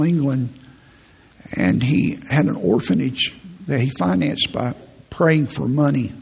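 A middle-aged male pastor preaching a sermon, telling stories in an earnest, pastoral way. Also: fairly high pitch. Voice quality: gravelly, husky. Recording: long reverb in a large hall.

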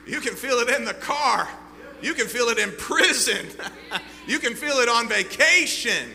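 Fervent, bright-voiced preacher man. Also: extremely high pitch, animated, measured pace, gravelly. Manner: fervent preaching, swinging between loud and hushed. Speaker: pastor. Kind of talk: sermon. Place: church sanctuary. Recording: reverberant hall with faint hum.

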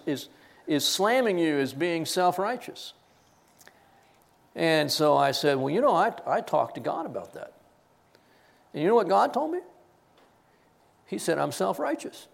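Male pastor with a high voice, giving a lively sermon with stories and laughter. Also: vocal fry. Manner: animated storytelling with laughs and quoted voices.

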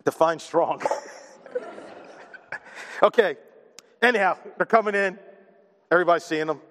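Guy preaching a sermon, kinda high voice, cracks jokes at himself, echoey church sound. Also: unhurried, fairly bright tone. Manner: joking, self-deprecating asides. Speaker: pastor.

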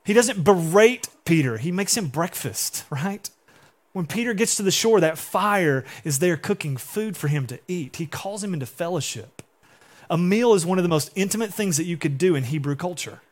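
A man's voice: high-pitched, animated, moderate pace. A young adult man preaching a sermon in a casual, conversational way, acting out quotes. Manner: conversational, acts out quotes in different voices. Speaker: pastor.

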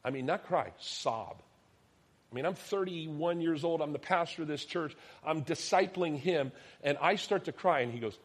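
Animated pastor telling a story. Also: male voice, on the high side, normal speed, slightly rough. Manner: animated storyteller, acts out quoted dialogue, drops to soft tones. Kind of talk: sermon storytelling.

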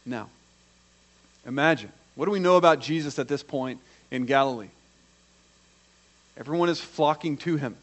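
A man preaching a sermon, acting out quoted voices and swinging from hushed to loud. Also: a little high, unhurried, long pauses. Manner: dramatic, acts out the quoted voices.

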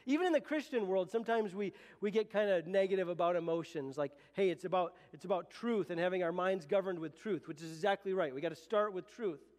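A man's voice: high voice, quick pace, hardly any pauses, darkish tone. A man preaching a sermon as pastor, earnest and conversational, often restarting his sentences. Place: church sanctuary. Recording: long reverb of a church hall.

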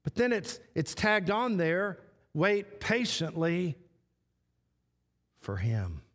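A man preaching a sermon as pastor, slow and repetitive, stressing short phrases again and again. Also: high-pitched, huge pitch swings, fairly bright tone. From Texas. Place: church sanctuary. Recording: long church hall reverb.

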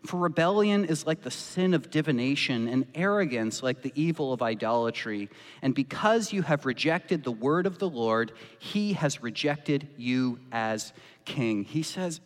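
A man's voice: mid-range voice, lively intonation, a little slow. A man preaching a sermon as pastor, impassioned and acting out the voices he quotes. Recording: long reverb of a church hall.

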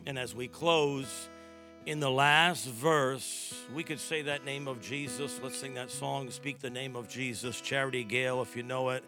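A man preaching a sermon as a pastor, telling stories with acted-out dialogue in a lively, humorous way. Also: medium pitch, unhurried, faint music behind. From New York.

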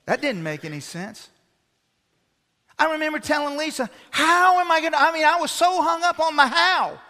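Bright-voiced man preaching a sermon. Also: extremely high pitch, normal speed. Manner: animated storytelling, sarcastic asides. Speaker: pastor. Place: church sanctuary. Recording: long church-hall reverb.

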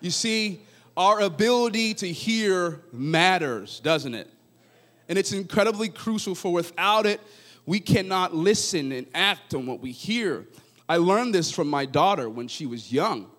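A man in his thirties preaching a sermon, moving between hushed asides and rising, fervent prayer as he tells stories. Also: high voice, lively intonation, measured pace. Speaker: pastor.

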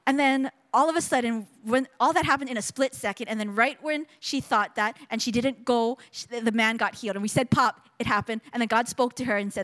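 A woman's voice: on the high side, a little fast, few pauses, a bit bright. A woman telling a testimony at a church service, earnest and storytelling, often restarting her sentences. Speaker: speaker sharing a testimony. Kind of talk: sermon testimony.

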